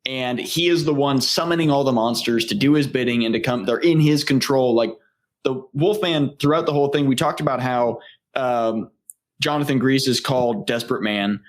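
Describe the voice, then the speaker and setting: A man co-hosting a movie podcast, reading out behind-the-scenes notes in a measured way with frequent fillers. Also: medium pitch. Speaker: podcast host. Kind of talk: casual movie review chat.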